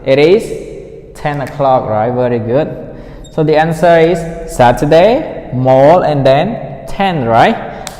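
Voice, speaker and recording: A man's voice: on the high side, animated, takes it slowly, warm tone. Male English teacher explaining a listening exercise in an echoey room with a long reverb tail; drills pronunciation through repetition. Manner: repeats words to drill pronunciation; asks the class frequent "right?" checks. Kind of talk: classroom listening lesson.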